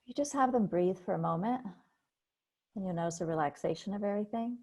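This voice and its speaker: A woman's voice: medium pitch, quick pace, dark tone. Woman hypnotherapist hosting a video call. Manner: explains techniques, acts out panicky voices. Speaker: hypnotherapist hosting a group meeting. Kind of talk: casual group discussion on a video call.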